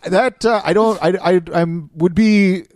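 A man's voice: high-pitched, unhurried, darkish tone, no room sound. A man co-hosting a podcast, talking casually in a rambling, stop-start way with laughs. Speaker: podcast co-host. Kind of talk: casual chat.

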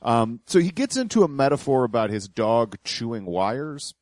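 A man's voice: mid-range voice, very animated, moderate pace, darkish tone, no room sound. Dry, sarcastic male podcast co-host. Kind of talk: casual commentary.

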